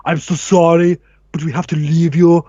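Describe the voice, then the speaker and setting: A polite, composed butler, mild and a bit hesitant, read by a man. His voice sits a bit high. It is dry and muffled, through a lo-fi mic. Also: level tone, moderate pace, dark tone, dry recording, close to an everyday voice. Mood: apologetic.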